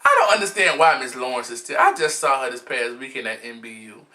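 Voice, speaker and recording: A vlogger recaps a reality show from home, recording himself on his camera mic. His gossip commentary is sassy, flamboyant and blunt, delivered in a sing-song, medium-pitched voice at a quick pace with a sharp tone.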